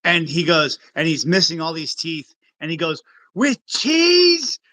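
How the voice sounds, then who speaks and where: A man in casual conversation, an animated storyteller who acts out the people in his stories. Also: on the high side, normal speed, no echo, poor audio.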